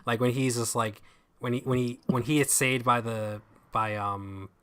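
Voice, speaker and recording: A show host with a clear, resonant, medium-pitched voice talks at a moderate pace on a live-streamed chat show, captured through a streaming mic. He's animated and self-deprecating, chatting casually and stumbling over his words.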